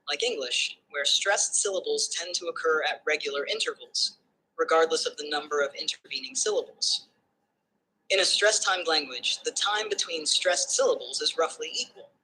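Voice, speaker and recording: A synthetic assistant voice explaining phonetics like a patient tutor. The tone is bright and forward, with an airy, breathy edge. It lays out each point in calm, orderly steps and ends by checking for understanding. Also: medium pitch, poor audio. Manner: calm, structured explanations ending with a comprehension check.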